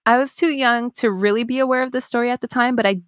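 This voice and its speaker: A woman's voice: fairly high pitch, steady tone, fast talker, clear, resonant tone, dry recording, studio quality. A woman in her thirties co-hosting a podcast, telling a story in casual chat, swearing and laughing often. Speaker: podcast co-host.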